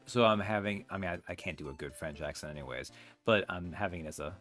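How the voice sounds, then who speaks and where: Rambling, low-voiced let's play guy. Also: a bit bright. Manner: fast, rambling asides with self-deprecating jokes. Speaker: let's player. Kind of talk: casual gameplay commentary. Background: faint game music.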